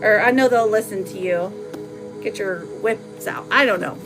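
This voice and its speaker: A woman's voice: medium pitch, unhurried, over music. A woman hosting a live oracle card reading, chatty and playful, laughing often as she reads for viewers. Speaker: live tarot reader.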